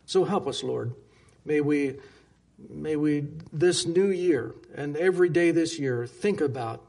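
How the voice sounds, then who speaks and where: Earnest male preacher, rough husky voice, storytelling into prayer. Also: a little high, darkish tone. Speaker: pastor. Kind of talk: sermon with closing prayer.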